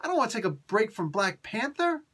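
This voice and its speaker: A woman's voice: fairly high pitch, sing-song, a little fast, a bit bright, breathy edge. A woman from Italy giving a casual, exasperated comic book review. She repeats herself and keeps tacking "man" onto her sentences.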